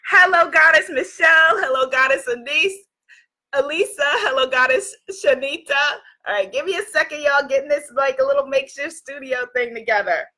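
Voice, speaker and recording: A woman's voice: high voice, moderate pace, pushed and bright. A woman in her forties hosting a spiritual livestream from a makeshift home studio, greeting viewers by name and speaking in an effusive, inspirational way. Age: 40s. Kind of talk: casual livestream talk. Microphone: phone or computer camera.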